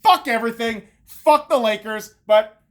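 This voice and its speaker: A woman's voice: on the high side, unhurried. A woman podcast host, in her thirties, on a heated and profane sports rant full of sarcastic jabs.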